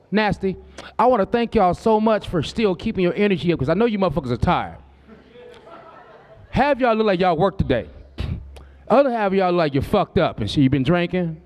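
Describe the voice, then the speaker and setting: Brash high-voiced comedian on stage. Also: male voice, darkish tone. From Southern California. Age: 40s. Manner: brash, profane, loose and conversational. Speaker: stand-up comedian. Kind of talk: stand-up comedy set.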